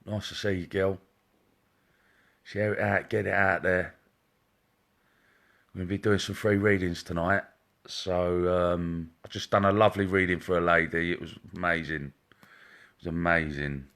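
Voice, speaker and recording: A man's voice: low voice, level tone, normal speed, long pauses, a bit bright. A man hosting a live stream as a psychic medium, chatting casually and greeting viewers one by one by name in a chummy way. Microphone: wearing headphones.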